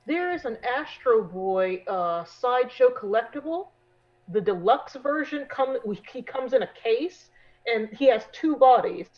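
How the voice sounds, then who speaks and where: A woman's voice: a little high, lively intonation, unhurried, dull audio. A woman on a convention panel, describing a collectible with enthusiasm in casual chat over a video call.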